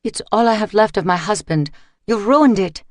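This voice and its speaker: A woman's voice: mid-range voice, expressive, normal speed, darkish tone, dry recording, voice pushed up, close to an everyday voice. A man voicing a frail elderly widow with an Arabic accent, wailing and pleading in a raised voice. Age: older.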